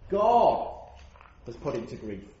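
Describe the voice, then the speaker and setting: Emphatic preacher. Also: male voice, medium pitch, big pitch swings, slow. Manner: earnest, emphatic, rhetorical questions. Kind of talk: sermon. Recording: roomy, dull church recording.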